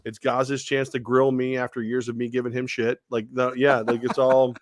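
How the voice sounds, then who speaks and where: A man's voice: mid-range voice, normal speed, no echo, clean studio sound. A man co-hosting a sports talk show, telling stories animatedly and acting out what people said. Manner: animated storyteller who acts out quoted voices.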